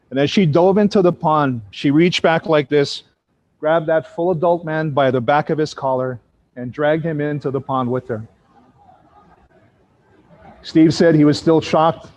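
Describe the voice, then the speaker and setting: A man's voice: a little high, a little mellow. A man telling ghost stories in a vivid, dramatic way. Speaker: ghost storyteller. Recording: dull lo-fi sound.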